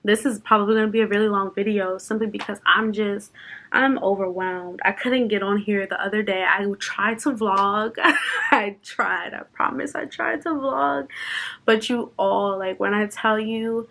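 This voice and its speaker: A young woman vlogger chats unscripted in a personal vlog, open and emotional, at times laughing and at times fighting back tears. Her mid-range voice is creaky and a bit bright, and she speaks at a measured pace.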